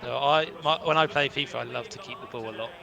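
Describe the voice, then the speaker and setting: An English man co-hosting, reacting excitedly and shouting out while playing a game. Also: mid-range voice, fast, gravelly, crowd noise. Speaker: co-host. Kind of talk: casual chat while gaming.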